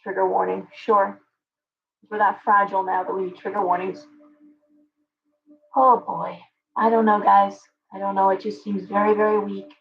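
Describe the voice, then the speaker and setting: A woman's voice: medium pitch, level tone, moderate pace, gravelly, pauses often, dull audio. A woman hosting a live stream, answering chat viewers by name in an opinionated, ranting way. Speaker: livestream host.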